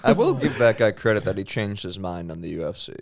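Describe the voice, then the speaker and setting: Man, lower voice, casual podcast chat, crude storyteller. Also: expressive, fast talker, creaky, no room sound, clean studio sound. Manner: storytelling, crude jokes, acts out quotes. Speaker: podcast co-host.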